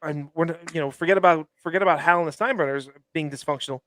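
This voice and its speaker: A man's voice: on the high side, quick pace, a bit bright, no room sound. A man co-hosting a sports podcast, arguing his points emphatically with frequent restarts. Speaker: podcast co-host. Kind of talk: casual sports chat.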